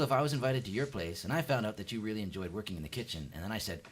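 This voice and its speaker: A Canadian man doing a seated at-home stand-up comedy routine, deadpan, with sudden jumps into high-pitched quoted voices. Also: racing, few pauses, husky. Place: at home, lives in the UK.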